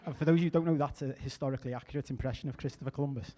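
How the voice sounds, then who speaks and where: A middle-aged man performing a stand-up comedy set, chatty with deadpan asides and small restarts. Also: mid-range voice, rapid-fire, a crowd in the background. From England.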